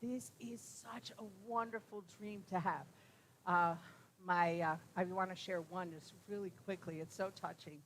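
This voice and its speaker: A woman's voice: lowish voice, fairly even intonation, measured pace, slight background noise, poor audio. A woman giving a live talk on dreams to a room audience, speaking conversationally, sharing personal stories and checking in with tag questions.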